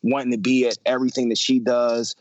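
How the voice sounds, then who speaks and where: A man's voice: medium pitch, level tone, fast, no echo, lo-fi sound. A man in his thirties telling a personal story about his family in a casual, conversational way, full of fillers, repeats and slang.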